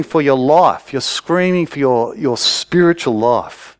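A man's voice: mid-range voice, lively intonation, slow, dry recording. Male preacher, chatty sermon delivery, dry close sound. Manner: conversational storytelling, rising to loud urgent cries.

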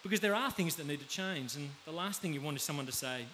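A man with an Australian accent preaching a conversational sermon, often pausing to check in with his listeners. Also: fairly high pitch, animated, sharp tone. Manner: conversational, pauses to ask the audience. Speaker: pastor. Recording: faint background hiss.

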